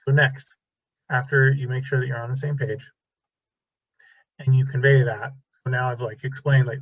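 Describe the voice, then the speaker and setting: Husky man giving a lively relationship talk. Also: medium pitch, moderate pace, long pauses, no room sound, highs cut off. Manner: animated, self-deprecating, acts out quoted dialogue. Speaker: relationship speaker. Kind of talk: casual talk to an audience.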